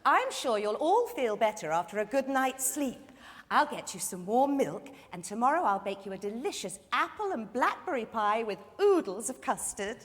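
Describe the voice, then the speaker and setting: A gushing, doting aunt. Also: female voice, on the high side, sing-song, normal speed. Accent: British English. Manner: gushing, genteel. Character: fussing motherly aunt, sweet and doting. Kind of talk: stage musical acting. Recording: live theatre sound with hall reverb.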